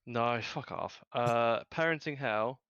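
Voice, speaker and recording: Bright, crisp man rambling. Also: mid-range voice, takes it slowly, no echo, muffled recording. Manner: rambling, many fillers and restarts. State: unwell with a cold. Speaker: podcast co-host. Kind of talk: casual chat.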